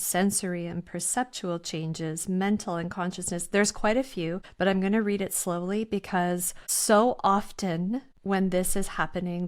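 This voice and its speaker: A woman guest on a podcast interview, speaking earnestly and reading a list aloud slowly and deliberately. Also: fairly low pitch. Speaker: guest, workshop teacher.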